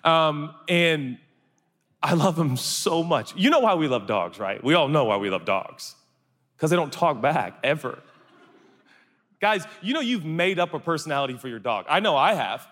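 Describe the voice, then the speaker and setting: A man's voice: fairly high pitch, normal speed. A man preaching a sermon to a live audience, telling comic stories and acting out voices. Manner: animated, acts out voices for comic anecdotes. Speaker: pastor. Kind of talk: sermon storytelling. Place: large hall with audience. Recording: long hall reverb.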